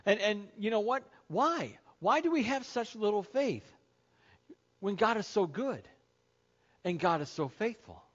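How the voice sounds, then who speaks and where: A man's voice: high voice, animated, measured pace, a bit bright, muffled recording. A man preaching a sermon as pastor to his congregation, conversational and joking with them. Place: church sanctuary.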